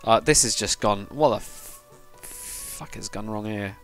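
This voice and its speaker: A man's voice: fairly low pitch, a little slow, soft background music. British man chatting on a live stream. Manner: rambling, swears, chats with viewers. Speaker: livestreamer. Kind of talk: casual live-stream chat while building.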